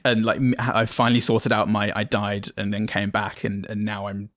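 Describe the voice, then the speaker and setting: A man's voice: fairly low pitch, monotone, normal speed, fairly bright tone, no echo. Chatty British man, dry close mic. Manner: rambling, many restarts and laughs. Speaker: player on a tabletop game podcast. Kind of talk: casual chat.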